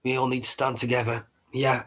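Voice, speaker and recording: Husky British man hosting a live stream. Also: medium pitch, little pitch movement, a little fast, fairly bright tone, low-quality recording. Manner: rambling, repeats and restarts words, laughs at himself. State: chesty, a bit hoarse. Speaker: host of a live online show. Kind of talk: casual live-stream talk.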